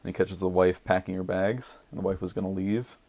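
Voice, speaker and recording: A young man with a very deep, gravelly voice tells a long story in a casual podcast chat. He talks in a flat, even way, full of "like" and "uh" as he goes. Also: brisk, dry recording. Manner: rambling, many fillers like "like" and "uh". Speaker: podcast regular. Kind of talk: casual chat, telling a movie pitch.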